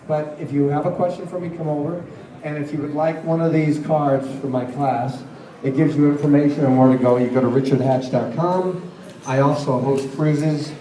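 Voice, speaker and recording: A man's voice: fairly high pitch, steady tone, normal speed, dark tone. A man, a guest at a convention panel, telling chatty stories to the crowd with frequent laughs during a Q&A. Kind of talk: convention Q&A storytelling. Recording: roomy hall picked up from a distance.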